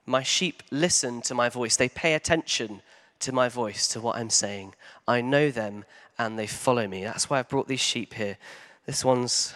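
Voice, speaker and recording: A man as a pastor giving a sermon in a church hall, talking conversationally with frequent ums and animated emphasis. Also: mid-range voice, moderate pace.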